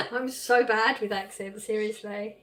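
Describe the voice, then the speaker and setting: A woman with a slightly high voice hosts a casual livestream chat. She reads viewers' comments aloud and answers them, laughing often as she goes. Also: sing-song, slow, fairly bright tone.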